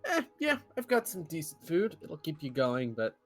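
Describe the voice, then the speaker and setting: A man's voice: a little high, wildly swooping pitch, normal speed, a bit bright, faint music behind, exaggerated voice. A man voicing a portly, easygoing male innkeeper who talks in a folksy, casual way. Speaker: tavern keeper.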